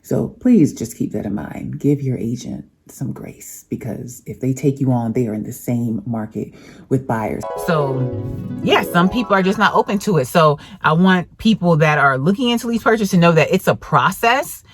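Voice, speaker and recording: A woman real estate agent, chatting casually to camera and quoting people in lively voices. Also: sits low, normal speed, over music. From Georgia, USA. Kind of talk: casual vlog talk to camera.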